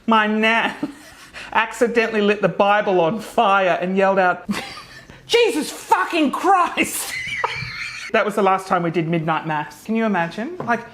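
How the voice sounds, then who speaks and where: A woman's voice: mid-range voice, normal speed, pauses often, slight background noise. A young woman reading funny viewer stories aloud in a casual comedic vlog, swearing often and laughing as she goes.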